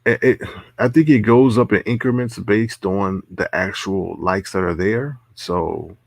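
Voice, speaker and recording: A man's voice: fairly low pitch, a little slow, creaky, no echo. A man hosting a casual livestream, reading chat comments aloud, laughing often and repeating himself. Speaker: livestream host.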